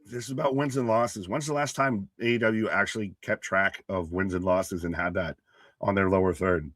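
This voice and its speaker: A man's voice: low voice, fairly even intonation, normal speed, a bit bright, no room sound. Blunt, swearing man hosting a stream. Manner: blunt, profane, joking. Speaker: host. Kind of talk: live watch-along commentary.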